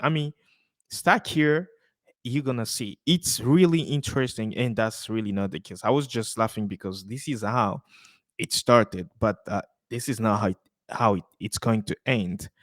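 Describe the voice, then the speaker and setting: A man's voice: fairly low pitch, moderate pace, dry recording, clean studio sound. A man hosting a podcast and reacting to a clip in loose, chatty commentary, laughing often and full of fillers and restarts. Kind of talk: casual commentary.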